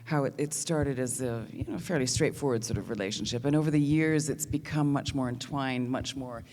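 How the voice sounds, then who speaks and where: A woman answering thoughtfully as a panel guest, measured and pausing to restart. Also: rumbling low, a little mellow, long reverb tail, a little hiss or hum.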